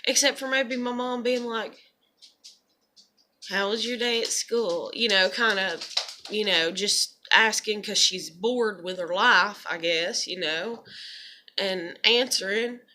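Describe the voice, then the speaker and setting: A young woman vlogging in an unplanned, rambling monologue, an animated storyteller who fills her talk with "you know". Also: medium pitch, measured pace, a little hiss or hum.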